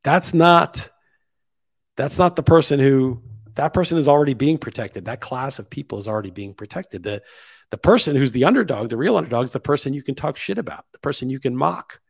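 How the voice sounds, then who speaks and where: A man's voice: medium pitch, expressive, brisk, creaky, slightly rough, no room sound. Opinionated man talking in a dry room. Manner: opinionated, thinking aloud, rising emphasis on key points. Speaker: podcast host. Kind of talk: casual opinion monologue.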